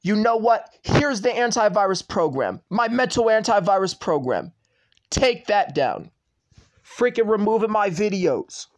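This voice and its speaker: A man with a noticeably high-pitched voice, talking straight into the camera in a vlog rant. He circles back over the same complaints again and again, swearing freely as he goes. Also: lively intonation, a little slow. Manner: repetitive, swearing, ranting address to YouTube. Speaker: channel owner.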